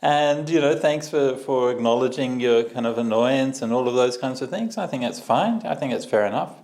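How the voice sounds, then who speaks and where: A man teaching meditation on a video call, answering questions in a gentle, reassuring way with frequent restarts. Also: mid-range voice, normal speed.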